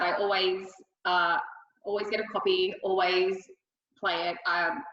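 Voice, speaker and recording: A woman's voice: lowish voice, flat delivery, a little slow, fairly bright tone, roomy sound, big-room sound, lo-fi sound. A young woman with a thick Australian accent, answering interview questions with effusive enthusiasm and lots of fillers. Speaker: wrestler.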